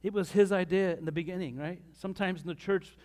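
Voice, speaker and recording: High-voiced man preaching a sermon. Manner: animated preaching with pauses and asides. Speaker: pastor.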